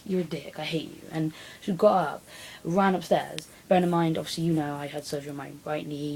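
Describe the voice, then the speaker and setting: A woman's voice: deep voice, breathy edge, poor audio. A teenage girl, rambling through a personal story in a casual vlog and acting out what people said. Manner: rambling, animated retelling with acted quotes. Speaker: vlogger.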